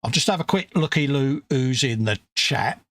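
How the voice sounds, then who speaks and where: A man hosts a relaxed livestream chat and reads viewers' messages aloud, calling everyone mate. His voice sits at a middle pitch and sounds close and dry, with no room around it. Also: normal speed, no room sound. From England. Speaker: livestream host.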